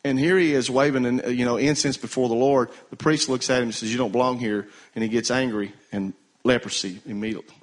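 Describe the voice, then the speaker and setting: A man's voice: mid-range voice, steady tone, fast talker. A male pastor preaching a sermon, calling on the congregation to answer him. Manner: call-and-response preaching, urging the congregation to answer.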